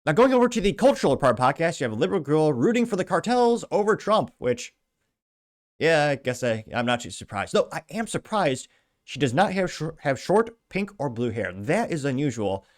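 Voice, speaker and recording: A man's voice: on the high side, very animated, brisk. A man hosting a commentary podcast, reading out news and comments with sarcastic, wry asides. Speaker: podcast host.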